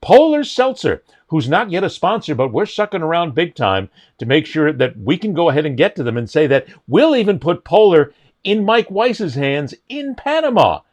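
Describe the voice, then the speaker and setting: A man's voice: a little high, animated, normal speed. A man co-hosting a sports talk podcast, chatting casually and plugging sponsors in a joking, hyped-up way. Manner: jokey, plugging sponsors with mock hype. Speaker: podcast co-host.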